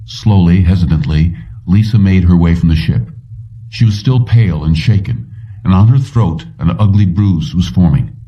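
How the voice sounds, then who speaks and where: A man narrating an audiobook in a steady, even reading style. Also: sits low, moderate pace, distant mic, highs cut off. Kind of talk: scripted narration.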